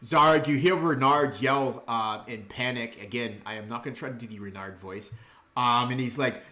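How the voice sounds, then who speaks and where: A man's voice: mid-range voice, normal speed, bright, forceful tone, reverberant. A man narrating a tabletop game as dungeon master, in a laid-back way with lots of ums and chuckles.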